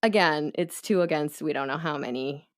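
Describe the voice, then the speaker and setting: Brief: deep-pitched woman host, casual chatty storytelling, quick asides. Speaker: podcast host.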